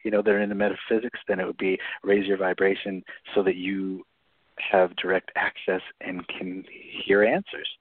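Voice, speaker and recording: A low, husky man talks through a thin, phone-like radio line with a dry, close sound. He explains things in a chatty way, often tagging his points with a quick "right?". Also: little pitch movement, no room sound. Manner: chatty, frequent "right?" tags and laughs. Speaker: guest author.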